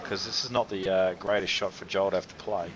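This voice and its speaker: Low-voiced snooker commentator. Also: male voice, steady tone, fairly quick, lo-fi sound. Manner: thinking aloud, breaking off and restarting mid-sentence. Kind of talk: live sports commentary. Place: commentary position at a snooker venue. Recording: crowd audible behind the commentary.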